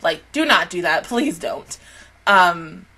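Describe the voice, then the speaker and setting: A young woman giving a casual anime reaction review, chatty, laughing often and squealing high when excited. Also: takes it slowly, breathy edge.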